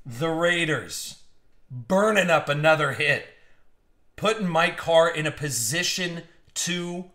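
A man hosting a live card-opening stream, excitable and swinging from hype to hushed suspense. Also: a little high, takes it slowly, reverberant. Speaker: card break host.

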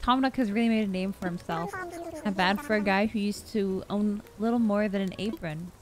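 A woman's voice: medium pitch, fairly quick, natural voice. A woman reading aloud the lines of a friendly, chatty traveling male cat from a video game, with an upbeat manner.

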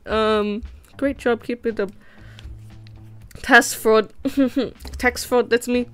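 A woman's voice: on the high side, fairly even intonation, extremely slow, long pauses, fairly bright tone, clean tone, low-quality recording. A young woman chatting casually on a livestream while drawing, reading chat aloud, giggling and swearing now and then. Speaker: streamer. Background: background music.

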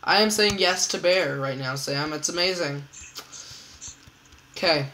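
Male gamer host, slow, bright delivery, excitable and singsong, keyboard clicks nearby. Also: a little high, slight background noise, rough recording. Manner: excitable, repeats catchphrases in a singsong. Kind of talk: casual gaming commentary.

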